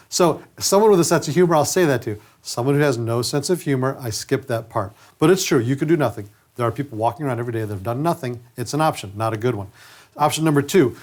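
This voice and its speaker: A middle-aged man, a dentist, giving a conversational training lecture and acting out short patient exchanges. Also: medium pitch. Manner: lively, conversational, acts out patient dialogues.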